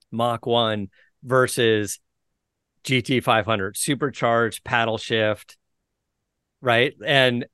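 A man's voice: medium pitch, fairly bright tone, smooth, no echo, clean studio sound. A man hosting a podcast, talking casually and enthusiastically about cars in a loose, rambling way with plenty of fillers. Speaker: podcast host. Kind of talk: casual chat.

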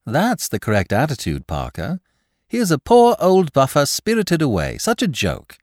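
A breezy, whimsical gentleman sleuth with a raised, lively voice that leaps about theatrically, as a man reads him. He sounds quick and airy, recorded in a dry, close space. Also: a little high, dry recording, voice pushed up. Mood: flippant. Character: flippant aristocratic young male sleuth.

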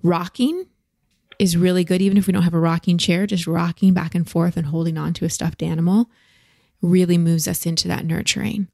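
A woman hosting a podcast, giving slow, gentle, reassuring emotional coaching to a guest. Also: fairly low pitch, steady tone, vocal fry, no room sound, studio quality. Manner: gentle, slow, reassuring advice with soft laughs. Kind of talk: coaching conversation.

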